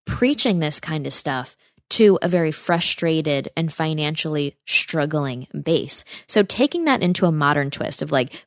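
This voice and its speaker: A woman's voice: sits low, no echo, clean studio sound. A woman hosting a political commentary podcast, speaking emphatically and throwing out sarcastic rhetorical questions. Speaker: podcast host.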